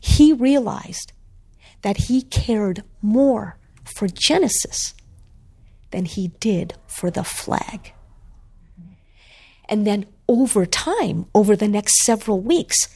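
A woman, an author and guest, telling a story in a conversation with an animated, expressive delivery. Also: mid-range voice, takes it slowly, husky.

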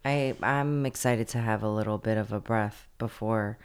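A woman's voice: extremely low pitch, moderate pace, darkish tone, smooth. A woman co-hosting a podcast, chatting casually with dry, wry humor. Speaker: podcast co-host. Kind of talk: casual chat.

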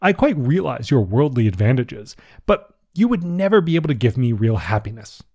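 A man's voice: medium pitch, very animated, normal speed, darkish tone. A man reading the lines of a young archduchess who firmly turns down a suitor, in his own plain voice. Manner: dry, firm. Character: cool, firm young female archduchess refusing a suitor.

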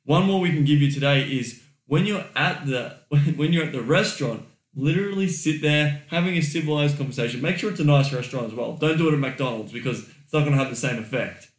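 A man's voice: a little high, a little fast, hardly any pauses. An Australian man co-hosting a casual podcast, blunt and swearing freely, laughing easily as he talks. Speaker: podcast co-host. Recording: roomy echoey room.

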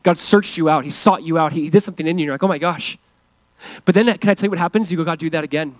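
A man in his thirties preaching a sermon as pastor, earnest and fervent, dropping to hushed tones for tender passages and rising for emphasis. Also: fairly high pitch, very fast, dry recording, low-quality recording.

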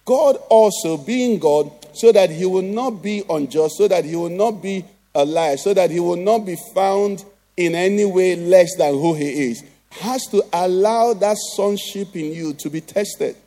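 High-voiced Nigerian pastor preaching. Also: male voice, measured pace, dark tone. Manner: preaches with rhetorical call-and-response questions. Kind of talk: sermon.

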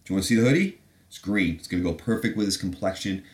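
Brief: a low-voiced male podcast host, rambling and sarcastic, swears freely. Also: lively intonation, quick pace. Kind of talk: casual chat.

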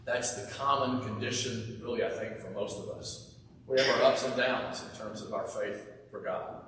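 A man preaching a sermon in an earnest, conversational way, often sinking to a soft hush at the ends of phrases. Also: medium pitch, steady tone, normal speed, background noise. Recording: echoey hall, mic from far off.

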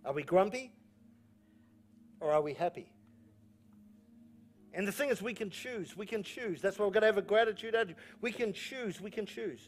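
A male pastor from New Zealand preaches in a church auditorium, his high voice moving at normal speed with frequent pauses. He repeats key phrases for emphasis and tells jokey stories.

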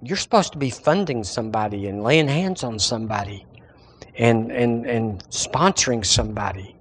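A man preaching a sermon as pastor, animated and acting out the voices of his listeners. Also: mid-range voice, moderate pace, husky.

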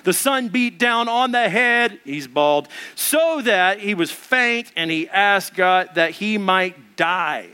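A male pastor preaching an animated sermon, acting out the voices of the people in the story as he goes. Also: high-pitched, measured pace, clear, resonant tone.

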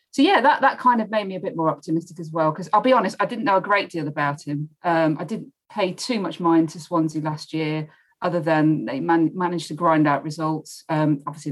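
A woman giving her views on a casual podcast, thoughtful and hesitant with many pauses. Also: low-pitched, breathy edge, rough recording. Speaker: podcast co-host.

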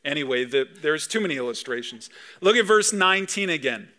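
A man from Canada in his thirties preaching a sermon in a high, bright voice. He talks in a conversational, storytelling way and rises with animation at key moments. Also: expressive, fairly quick. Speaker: pastor.

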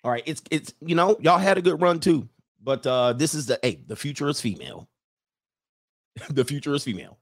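A man's voice: a little high, lively intonation, a little fast, no echo, studio quality. A man hosting a livestream in casual chat, rambling and laughing often as he reads out viewer messages.

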